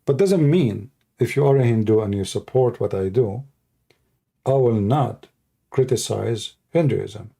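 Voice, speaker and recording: A man's voice: medium pitch, measured pace, creaky, mellow, breathy edge. A man hosting a livestream, talking off the cuff in a combative, mocking, rambling way, his voice tired after hours of talking. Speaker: livestream host. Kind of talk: unscripted livestream monologue.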